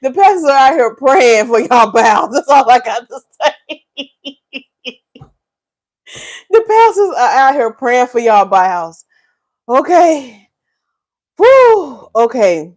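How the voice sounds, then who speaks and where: A North Carolina woman with a slightly high voice hosts a hair care livestream, speaking slowly and pausing often. She reads viewer comments aloud and teases people with lots of laughter, animated in Southern Black vernacular.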